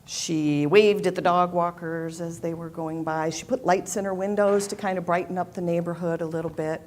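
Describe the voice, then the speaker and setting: A woman leading a worship service, telling a children's story gently, with soft repeated refrains. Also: lowish voice, steady tone, normal speed. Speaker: worship leader. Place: church sanctuary.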